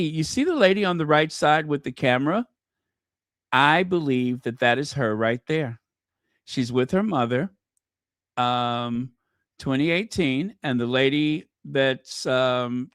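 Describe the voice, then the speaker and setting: A man's voice: mid-range voice, unhurried, a bit bright, no room sound, studio quality. A man giving casual video commentary, chatty and gushing, full of fillers and self-corrections, talking straight to his viewers. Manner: talks directly to viewers. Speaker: royal news commentator.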